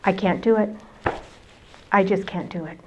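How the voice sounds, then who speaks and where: A woman's voice: mid-range voice, steady tone, normal speed, noisy background, natural voice. A woman voicing a nervous young man who stammers and hesitates, afraid to tell his first story. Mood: defeated. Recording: dull lo-fi recording.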